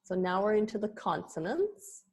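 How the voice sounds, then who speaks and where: A woman's voice: medium pitch, big pitch swings. A woman yoga teacher explaining Sanskrit pronunciation, sounding out letters one by one. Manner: explanatory, demonstrates sounds slowly.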